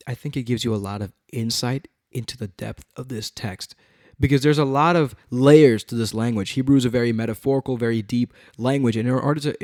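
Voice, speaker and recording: A man teaching on a Bible passage, reading it aloud with emphasis and breaking into casual, animated asides. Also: mid-range voice, no room sound, clean studio sound.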